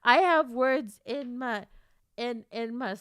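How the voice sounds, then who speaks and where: A woman's voice: on the high side, slow, fairly bright tone, dry recording, clean studio sound. A young woman streaming casually to her chat, teary and stuffed up, laughing through her tears and swearing.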